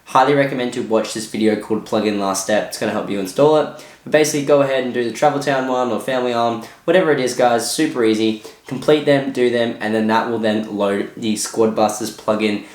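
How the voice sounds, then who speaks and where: A man's voice: medium pitch, brisk. A man hosting a casual tutorial, talking loosely with lots of filler phrases. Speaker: tutorial host. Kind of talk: casual screen-recorded tutorial. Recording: echoey room.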